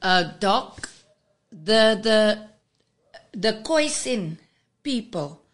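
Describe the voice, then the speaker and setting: A woman's voice: medium pitch, lively intonation, drawn-out words. A woman, a radio guest patiently explaining and teaching how words are pronounced. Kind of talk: explaining on a radio talk show.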